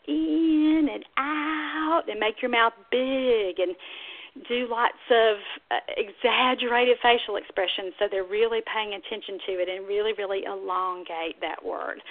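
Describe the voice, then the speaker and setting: Woman, speech therapist, instructional podcast, middle pitch, tinny phone-like audio. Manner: explains steadily, then bursts into high sing-song demonstration sounds. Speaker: speech-language pathologist host.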